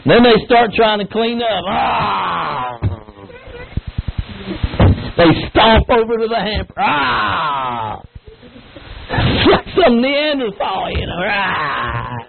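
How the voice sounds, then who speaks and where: Preaching to youth at normal speed, this middle-aged man's voice is extremely high-pitched. His folksy, emphatic sermon includes grunting imitations of whining kids, and the recording sounds tinny and phone-like with faint noise.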